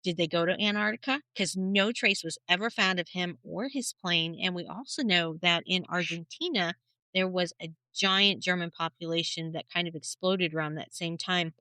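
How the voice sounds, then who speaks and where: A woman co-hosting a podcast, telling a conspiracy story in a casual, animated storytelling way. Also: on the low side, moderate pace, smooth, dry recording, low-quality recording. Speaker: podcast co-host.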